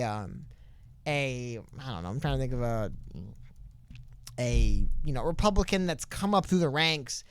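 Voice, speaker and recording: A man co-hosting a casual political podcast, talking in a rambling, animated way with many asides and restarts. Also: a little high, clear, resonant tone, dry recording. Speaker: podcast co-host.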